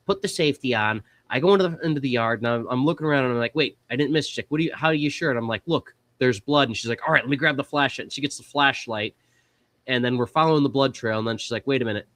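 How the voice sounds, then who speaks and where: A man hosting a podcast, telling a story in a casual, animated way and acting out the other people's lines. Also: medium pitch, fast, no echo. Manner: animated, acts out quoted voices. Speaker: podcast host.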